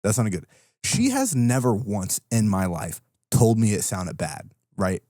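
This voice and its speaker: A man co-hosts a casual podcast, venting in a swearing, laughing rant. His voice sits low, and the recording is dry with no room echo. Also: a little slow. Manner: animated, swearing, ranting with a laugh. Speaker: podcast co-host.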